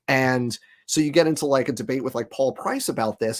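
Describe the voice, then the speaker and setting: A man speaks as a guest in a relaxed conversation, his pitch sitting in an ordinary middle range. He talks emphatically and with open exasperation, often tossing in quick asides. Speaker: guest scientist. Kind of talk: casual conversation.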